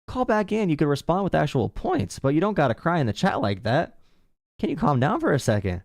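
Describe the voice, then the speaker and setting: A man's voice: fairly high pitch, huge pitch swings, fairly quick, gravelly, darkish tone, no room sound, studio quality. A man hosting a live political call-in stream, ranting bluntly and mockingly. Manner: mocking, blunt, says bro a lot. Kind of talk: casual streaming rant.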